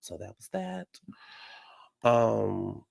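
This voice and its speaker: Here the same gravelly, fry-tinged man is very animated, stretching out his words with a darkish tone. His casual recap of a reality show stays sassy and slangy, and he quotes people in high, mocking voices.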